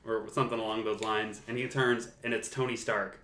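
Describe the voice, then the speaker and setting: A man co-hosting a podcast, relaxed and chatty, recapping movie scenes and laughing often. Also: on the low side, fairly quick, reverberant. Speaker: podcast co-host. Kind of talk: casual movie discussion.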